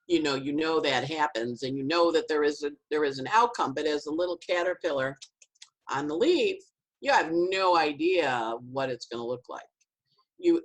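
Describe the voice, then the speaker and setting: A woman astrologer, a guest on a podcast, telling stories in a playful, animated way. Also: low voice, rough recording. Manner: lively storyteller, playful acted-out analogies. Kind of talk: casual podcast conversation.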